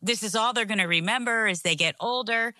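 A woman's voice: a little high, brisk, bright, forceful tone, no room sound. A middle-aged woman co-hosting a casual talk show, telling a story with animation and frequent laughter. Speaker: podcast co-host, pastor's wife.

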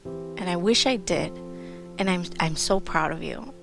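A woman voicing her mother, a reluctant parent who comes around to pride, in a quiet, lowered voice. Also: a little slow, gravelly, over music. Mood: tender. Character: reluctant mother, softened and proud.

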